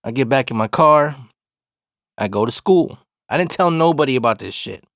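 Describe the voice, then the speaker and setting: A man from Arizona casually telling a personal story, profane and slang-heavy, with animated retelling. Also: mid-range voice, moderate pace, no room sound, studio quality. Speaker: storyteller host.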